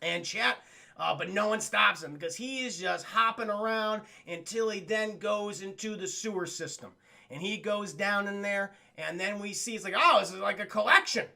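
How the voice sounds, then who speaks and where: A man's voice: high voice, moderate pace, creaky. A man streaming a cartoon review, chatting casually and profanely and constantly addressing his chat. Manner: animated, keeps addressing chat, swears a lot.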